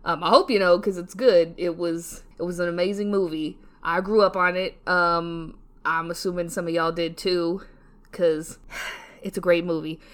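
A woman's voice: on the low side, steady tone, moderate pace. A woman hosting her podcast alone while drunk, rambling, laughing and trailing off between thoughts. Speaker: podcast host. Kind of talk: casual solo review chat. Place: home, seated.

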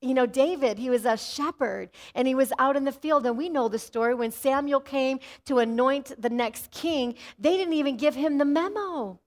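A middle-aged woman pastor preaching an animated sermon and often calling out "amen". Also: sits high, moderate pace, few pauses.

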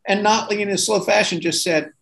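A man's voice: high-pitched, fairly quick, creaky, fairly bright tone, poor audio. An older man, a former magazine editor and magician, telling chatty anecdotes in a casual interview and laughing often.

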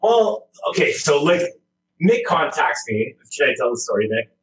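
A man's voice: fairly high pitch, very animated, normal speed, a bit bright, reverberant, low-quality recording. A man in his forties from Montreal, telling a story in casual chat with lots of fillers and restarts. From Montreal, Canada. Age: 40s.

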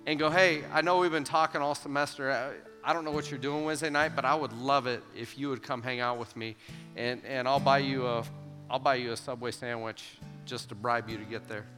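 A youth pastor preaching a sermon to students, animated and emphatic, acting out the voices in the stories he tells. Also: medium pitch, a little fast. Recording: long hall reverb with soft guitar.

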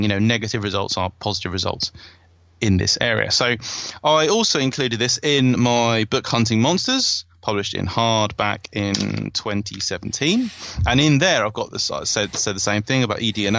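Bright-voiced man rambling chattily. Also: lowish voice, vocal fry, no echo, lo-fi sound. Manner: chatty, digressive, self-mocking with frequent laughs. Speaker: podcast host and author. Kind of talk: casual chat.

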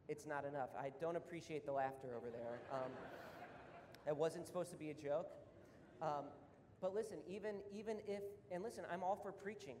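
A man's voice: a little fast, darkish tone. A man preaching a sermon as pastor, talking conversationally and then building to fervent emphasis. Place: church hall. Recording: roomy hall reverb, faint rumble.

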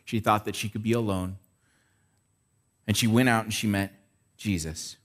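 A man's voice: lowish voice, steady tone, normal speed. A male pastor preaching a sermon in a casual way, checking in with the listeners by asking "right?". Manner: conversational preaching with frequent "right?" check-ins.

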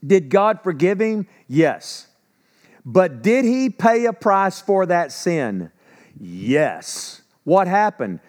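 A man's voice: high-pitched, very animated, slow, a little mellow. Emphatic, conversational male preacher. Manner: conversational and emphatic, asking rhetorical questions; acts out quoted speech in a casual voice. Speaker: pastor. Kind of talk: sermon.

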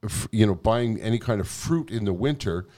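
A man co-hosts a podcast in relaxed chat. He asks questions and answers with short remarks, and his voice moves up and down a lot. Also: fairly low pitch, moderate pace. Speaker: podcast co-host. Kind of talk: casual chat.

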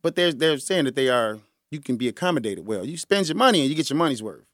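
A man's voice: mid-range voice, sing-song, fast, fairly bright tone, dry recording, clean studio sound. A middle-aged man hosting a podcast, chatting casually and joking, with frequent laughs. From Chicago area. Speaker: podcast host. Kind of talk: casual solo chat.

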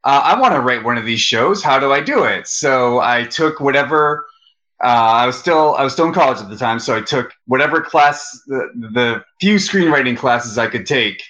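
A man with a bright, forward voice speaks as a guest on a casual podcast. He talks in a relaxed, unhurried way, pausing on uh and um and restarting his sentences. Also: medium pitch, muffled recording. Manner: relaxed and hesitant, many fillers.

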